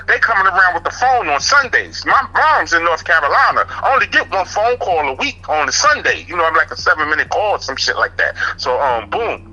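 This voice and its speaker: Ny guy telling a jail story, streetwise, keeps saying you know what im saying, high bright voice. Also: lo-fi sound. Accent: New York. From New York. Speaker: interview guest telling a prison story. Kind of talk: casual storytelling.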